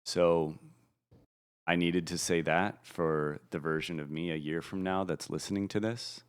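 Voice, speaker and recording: A man's voice: low voice, steady tone, measured pace, clean tone. A man speaking as a podcast guest, earnest and self-reflective in candid conversation.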